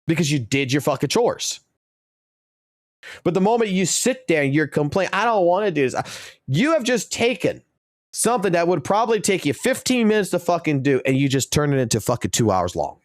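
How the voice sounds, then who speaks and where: A male live streamer in his thirties or forties, venting in a long, swear-laden rant. His voice sits a touch higher than most men's, and the sound is close and dry with no room echo. He talks with blunt, exasperated conviction. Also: big pitch swings, fairly quick. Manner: profane, ranting, exasperated. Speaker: game streamer and host.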